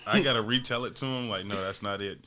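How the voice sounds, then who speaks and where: A man's voice: fairly low pitch, fast talker, pushed and bright. A young man co-hosting a podcast, telling jokey stories with a lot of laughter in casual chat. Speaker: podcast co-host.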